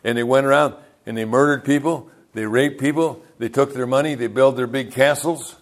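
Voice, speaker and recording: A man's voice: medium pitch, fairly even intonation, fairly quick, few pauses. Older male pastor, folksy storytelling sermon, mid-range voice, calls out to the room.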